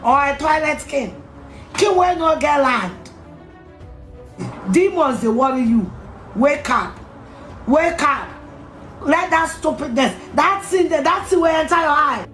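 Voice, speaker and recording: A Ghanaian woman in a heated, insulting rant, repeating herself and shouting at times. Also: sits high, lively intonation, measured pace. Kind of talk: angry rant to camera. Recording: echoey room with faint music.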